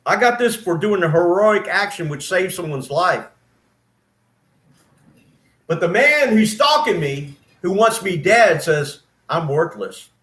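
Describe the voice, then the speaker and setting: A man's voice: sits high, animated, measured pace, pauses often, a bit bright, roomy sound. A man in his fifties, a former nurse, telling his story in an emphatic, aggrieved way. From East Texas. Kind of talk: casual spoken storytelling.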